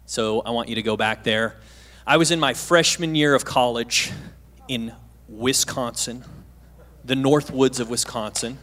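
A man's voice: medium pitch, steady tone, a little slow, fairly bright tone. A man in his thirties gives a casual, story-driven sermon from a church stage, with a mid-range voice. He drops in self-deprecating jokes and keeps asking the congregation questions. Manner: chatty, self-deprecating, asks the audience questions. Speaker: guest pastor.

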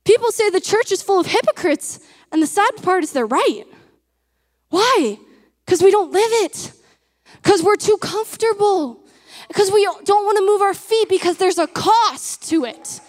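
A woman's voice: very high-pitched, expressive, measured pace, long reverb tail. A woman giving an earnest, emphatic sermon to a live audience and asking them questions. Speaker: preacher.

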